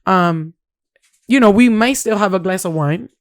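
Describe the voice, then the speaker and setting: A woman co-hosting a podcast, chatting loosely and often restarting her sentences. Her voice is smooth and clear. The recording is dry and close. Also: medium pitch, normal speed, no echo. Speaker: podcast co-host. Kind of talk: casual chat.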